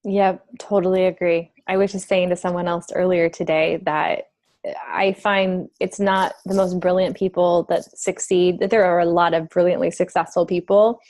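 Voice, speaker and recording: A woman's voice: on the low side, little pitch movement, moderate pace, a little mellow, no echo. A woman hosting a podcast, speaking thoughtfully in long flowing sentences that sometimes sink almost to a whisper. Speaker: podcast host. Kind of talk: reflective conversational interview.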